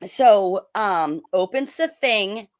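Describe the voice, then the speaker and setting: Animated middle-aged woman telling a story. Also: medium pitch, slow pace, dry recording, studio quality. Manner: animated storyteller, acts out quoted people. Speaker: podcast co-host. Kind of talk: casual chat.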